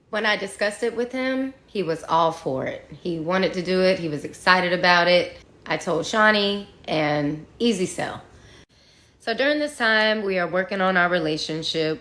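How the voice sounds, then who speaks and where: Woman, slightly low pitch, candid storytime, blunt, swears, chatty fillers. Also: fairly bright tone. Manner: frank and profane, talks straight to viewers; conversational, with fillers and restarts. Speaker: vlogger telling her own story.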